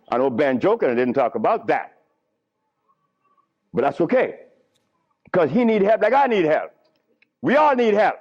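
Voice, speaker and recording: A man gives a lecture to a crowd, his fairly high voice swooping up and down as he tells stories and chuckles between points. The old recording is dull and lo-fi. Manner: animated storytelling with frequent chuckles. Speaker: lecturer on herbal healing. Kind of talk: lecture to a live audience.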